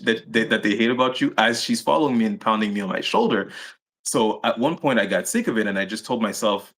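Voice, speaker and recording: A man recounting his own childhood in a live interview, halting, with many restarts and fillers. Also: lowish voice, expressive, fairly bright tone. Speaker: interview guest. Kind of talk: personal story in a live interview.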